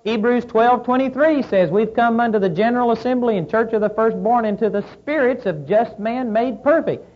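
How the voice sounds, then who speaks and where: A woman's voice: fairly high pitch, expressive, moderate pace, hardly any pauses. A woman preaching a sermon, emphatic, asking rhetorical questions and reading scripture aloud. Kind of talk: sermon teaching. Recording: slightly dull lo-fi recording.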